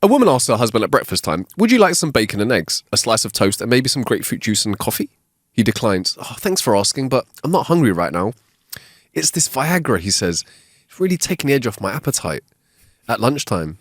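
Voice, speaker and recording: Man, podcast co-host, reads jokes in character, lively intonation, dry sound. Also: lowish voice, a little fast, no echo. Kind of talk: casual joke-telling chat. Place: home studio. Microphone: wireless clip-on mic.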